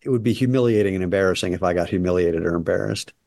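A man's voice: deep voice, very fast, creaky, darkish tone, dry recording, studio quality. A man hosting a podcast interview, chatty and jokey with rambling asides. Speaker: podcast host. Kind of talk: casual interview chat.

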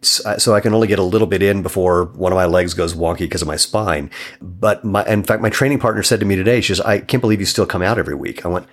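Male podcast host, rapid delivery, lower-pitched voice; a chatty storyteller who jokes and laughs often. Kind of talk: casual interview conversation.

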